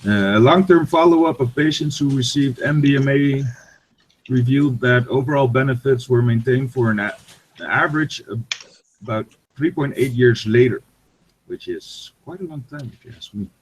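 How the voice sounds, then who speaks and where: A man's voice: medium pitch, moderate pace, a little hiss or hum, rough recording. A man hosting a casual online hangout, reading an article aloud steadily with small asides. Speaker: hangout host.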